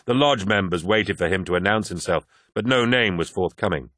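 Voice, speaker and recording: A man narrating a novel as an audiobook in a steady, measured reading. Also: low voice, no echo, clean studio sound. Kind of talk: scripted narration.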